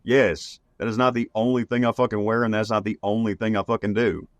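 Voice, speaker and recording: A man's voice: on the low side, level tone, brisk, no echo. A man hosting a podcast, talking in a laid-back way, swearing freely and voicing the quotes. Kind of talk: casual podcast chat.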